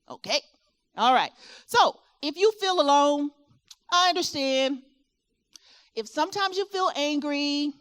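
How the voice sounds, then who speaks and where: Speaking on the high side, this middle-aged Southern-accented Virginian delivers a lively motivational talk at a caregiver expo, before a live crowd in an expo hall. She frequently puts questions to listeners, her delivery rising and falling.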